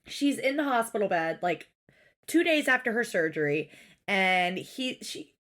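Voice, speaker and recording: A woman's voice: mid-range voice, sing-song, unhurried, a bit bright. A woman co-hosting a casual podcast, recapping a show with exasperated swearing and mimicking people's quotes. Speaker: podcast co-host.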